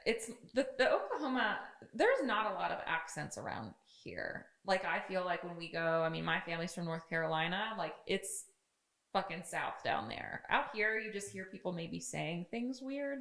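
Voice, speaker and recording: A woman's voice: fairly low pitch, vocal fry, fairly bright tone, echoey room. A woman co-hosting a podcast, chatting playfully and laughing easily. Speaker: podcast co-host. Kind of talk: casual chat.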